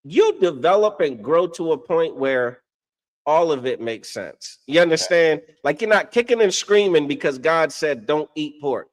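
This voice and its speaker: A man preaches in a loose, conversational way. He keeps checking in with his listener and swears offhand, and his voice swings widely in pitch as he builds his points. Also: a little slow. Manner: animated, repeats "you understand?", swears casually. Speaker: religious podcast co-host. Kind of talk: casual preaching talk.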